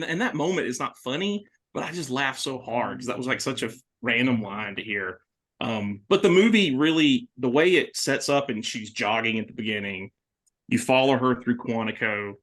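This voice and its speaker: A man hosting a horror movie podcast, talking casually and excitedly with many restarts. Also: medium pitch. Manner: rambling, animated, many restarts. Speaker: podcast host. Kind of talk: casual movie review chat.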